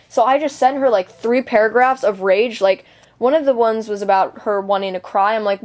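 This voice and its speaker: A little high and brisk, this teenage vlogger's voice carries an indignant personal rant to camera. She swears freely and keeps filling and restarting her sentences.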